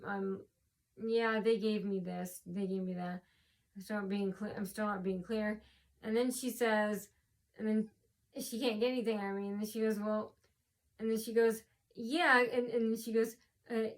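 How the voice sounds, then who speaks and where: Tired woman vlogger, rambling storytime, lots of fillers and restarts, worn out from no sleep. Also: medium pitch.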